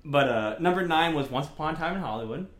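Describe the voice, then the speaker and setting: A man with a fairly high voice chats casually, laughing a lot and swearing freely as he rambles on. The room around him is roomy and echoey. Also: lively intonation, fast, a bit bright. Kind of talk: casual chat.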